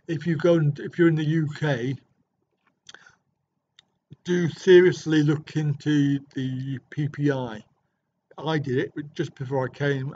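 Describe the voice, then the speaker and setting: A man's voice: on the high side, a little mellow, slight background noise. A middle-aged man hosting a livestream from a hotel room, chatting casually and joking as he answers viewer comments. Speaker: livestream host. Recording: dull lo-fi livestream audio.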